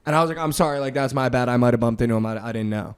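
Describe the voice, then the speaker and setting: A man's voice: medium pitch, clean tone. A young man telling a rambling party story on a podcast, peppering every phrase with "like". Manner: rambling, heavy use of "like", quick swings in loudness. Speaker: podcast host. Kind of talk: casual storytelling chat.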